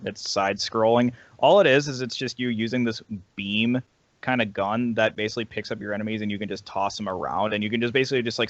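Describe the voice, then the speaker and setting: A man on a casual podcast call, describing things in a rambling, animated way. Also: on the low side, dry recording. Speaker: podcast guest. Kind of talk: casual group podcast chat. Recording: dry, dull lo-fi call audio.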